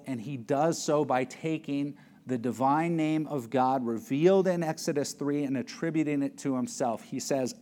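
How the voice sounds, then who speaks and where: A man preaching a sermon, reading verses and explaining them with emphatic stress. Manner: emphatic, varies pitch and loudness for stress.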